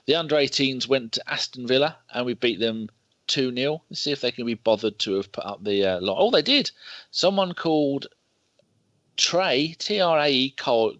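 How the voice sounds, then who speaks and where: A man's voice: medium pitch, fairly bright tone, no room sound. A man rambling through football injury news and scores on a casual podcast, swearing as he reads. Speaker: podcast panelist. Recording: dull dry lo-fi call audio.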